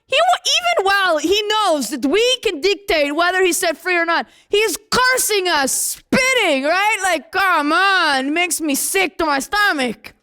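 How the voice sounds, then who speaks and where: Woman as a grieving, indignant apostle, high voice, slow and emphatic. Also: sing-song, bright, forceful tone, exaggerated voice. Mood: incredulous. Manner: emphatic and indignant, talks straight to the listener. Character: young apostle John, a man, grieving and indignant. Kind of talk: dramatic first-person monologue.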